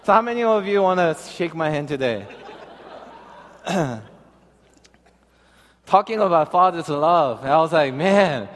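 A man's voice: a little high, expressive, measured pace, long pauses, a bit bright. A man preaching a sermon, telling a personal story and then reading scripture, with a hesitant, filler-heavy way of talking. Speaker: pastor. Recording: long reverb of a large hall.

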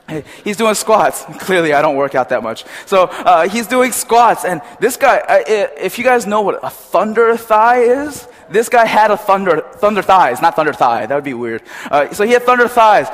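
A young man preaching a casual sermon, chatty and storytelling, with many asides to his congregation. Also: sits high. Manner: chatty, storytelling, animated when retelling. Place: church hall. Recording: reverberant hall.

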